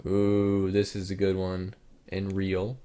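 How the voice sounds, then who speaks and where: A young man hosts his channel, reacting to pictures in a loose, rambling, casual chat. His voice is low and slow, and his relaxed delivery is packed with "like" fillers.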